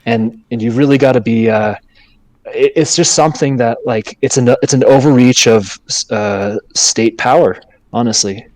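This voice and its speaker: A man's voice: medium pitch, normal speed, a little mellow. A man co-hosting a casual discussion, talking emphatically with frequent stammered restarts. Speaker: podcast co-host.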